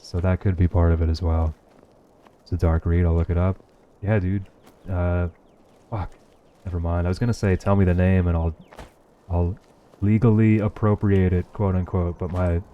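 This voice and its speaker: A man's voice: sits low, muffled recording, slight background noise. A man with a New Jersey accent, streaming a game and chatting casually with his viewers, swearing freely and often laughing. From United States. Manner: profane, laid-back, laughs often. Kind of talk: casual chat while gaming, reading chat.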